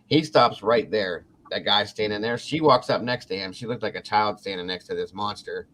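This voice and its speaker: Low-ish and at normal speed, with a little hiss or hum, this Ohio man hosts a laid-back talk show, animatedly recounting a story full of swearing and acted-out quotes.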